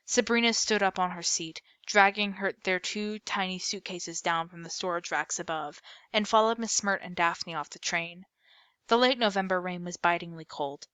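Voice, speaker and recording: Lower-pitched woman reading a novel aloud. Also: smooth, dry recording. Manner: steady read-aloud with small slips and self-corrections. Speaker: storyteller.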